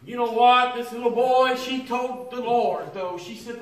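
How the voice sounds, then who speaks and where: A man's voice: extremely high pitch, a little slow, hardly any pauses. Older male preacher in echoey church. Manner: chanted, sing-song preaching that rises into song. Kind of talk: sermon. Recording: echoey hall, voice from far off.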